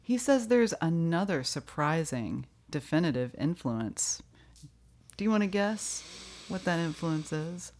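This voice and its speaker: A woman's voice: low-pitched, expressive, measured pace, a little mellow. A woman co-hosting a casual podcast chat, talkative and playful, laughing often. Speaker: podcast co-host.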